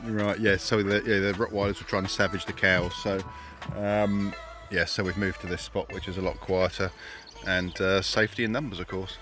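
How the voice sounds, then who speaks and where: A man's voice: low voice, little pitch movement, normal speed, hardly any pauses, a bit bright, faint music behind. A man narrating a campervan travel vlog in a casual, wry, understated way. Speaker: vlogger. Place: campervan trip outdoors.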